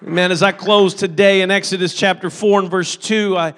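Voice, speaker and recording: A man's voice: high voice, fairly even intonation, normal speed, fairly bright tone, clean tone, a faint crowd. A man preaching a sermon with fervent, repetitive, call-and-response exhortation, slipping into acting out biblical figures. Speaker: pastor.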